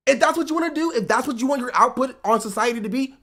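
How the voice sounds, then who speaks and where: Quick and high-pitched, with a fairly bright tone and hardly any pauses, this streamer berates their live chat. The rant is a lecture built from short, punchy phrases repeated over and over, with plenty of profanity.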